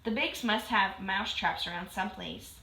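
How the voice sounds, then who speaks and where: A woman voicing a calm, easygoing husband in a storybook, speaking in a soothing, unhurried way. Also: mid-range voice, creaky. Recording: roomy echo.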